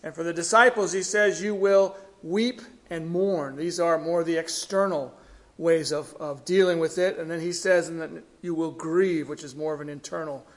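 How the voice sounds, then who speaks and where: A man's voice: a little high, fairly even intonation, normal speed. A middle-aged man preaching a sermon, reading scripture and explaining it with earnest emphasis. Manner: earnest, rising emphasis then quiet falls.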